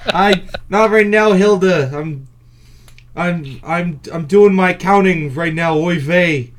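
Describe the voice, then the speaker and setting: A man's voice: high voice, takes it slowly, slight background noise. A man doing a fussy, harried old husband.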